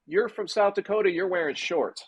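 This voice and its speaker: Animated, profane man telling stories. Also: high voice, moderate pace, slightly rough. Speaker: podcast host. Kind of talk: casual chat.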